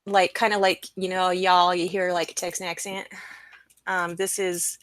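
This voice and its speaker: Excitable young woman live-streaming. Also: fairly low pitch, normal speed, no room sound. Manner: excited, rambling, with fillers and disclaimers. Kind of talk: casual live-stream talk. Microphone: computer mic, screen sharing.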